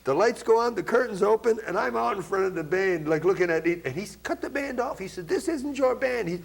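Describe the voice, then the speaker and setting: Middle-aged man from Buffalo, slightly higher voice, lively raconteur who mimics others mid-story. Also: fast, creaky. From Buffalo, New York, USA. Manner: animated, laughing storyteller who acts out quotes. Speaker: guest musician, jazz saxophonist. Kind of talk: casual anecdotal storytelling.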